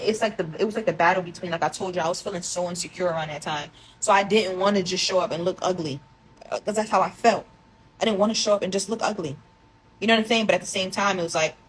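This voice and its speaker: A woman's voice: fairly low pitch, slight background noise, poor audio. A young woman telling a confessional story, rambling and emotional as she reads out old text messages. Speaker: vlogger telling her story. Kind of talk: casual storytime monologue.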